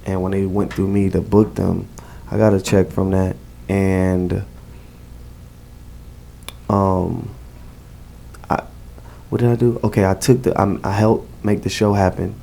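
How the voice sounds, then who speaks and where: A man's voice: low voice, gravelly, mellow, a little hiss or hum. A man with a New Jersey accent talking casually in a podcast interview, emphatic and slangy, repeating phrases. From Newark, New Jersey. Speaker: event host and guest.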